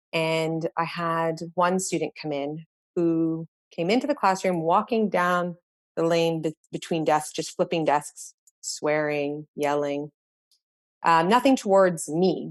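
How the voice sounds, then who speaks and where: A woman with a low-sitting voice, recorded dry, speaks as a podcast guest. She's an educator earnestly recounting her classroom experiences in reflective, conversational storytelling, often restarting and repeating words.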